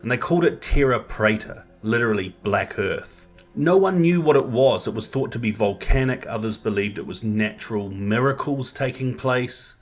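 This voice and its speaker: A man's voice: medium pitch, moderate pace. A man narrating a science explainer in an enthusiastic, punchy way.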